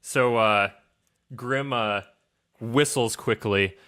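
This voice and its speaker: A man narrating a tabletop game as game master, in loose, halting narration full of fillers. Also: mid-range voice, pushed and bright, clean tone.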